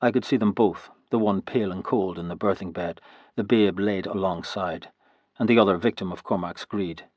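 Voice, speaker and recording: A man narrating historical fiction in the first person, in a steady, even storytelling manner. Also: sits low, normal speed, no echo. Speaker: audiobook narrator.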